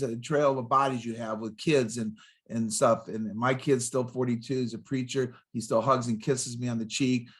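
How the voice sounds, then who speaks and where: A man in his sixties, a guest motivational speaker on a podcast, talking in an excitable, punchy way with rhyming catchphrases and jumping from story to story. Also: mid-range voice, a little fast. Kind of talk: energetic podcast interview.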